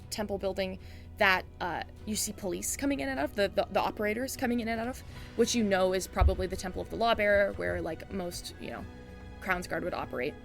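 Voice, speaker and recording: A woman's voice: medium pitch, gravelly. A woman running a tabletop game, describing scenes to her players in a loose, casual way with many "um"s and "like"s. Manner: casual descriptive narration full of "um" and "like". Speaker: game master.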